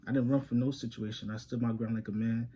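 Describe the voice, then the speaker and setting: A young man, telling a story to camera in animated, slangy street talk and laughing often. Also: mid-range voice, quick pace, husky. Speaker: reaction channel host.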